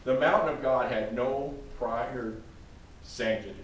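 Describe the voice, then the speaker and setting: A man's voice: mid-range voice, unhurried. A man preaching a sermon, speaking emphatically and addressing his congregation directly by name. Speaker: pastor. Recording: very echoey room, distant mic, faint noise.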